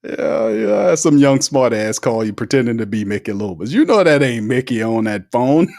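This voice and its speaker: A man hosting a casual live sports talk show, reading out viewer comments in an animated, slangy way and laughing often. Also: medium pitch, normal speed, gravelly.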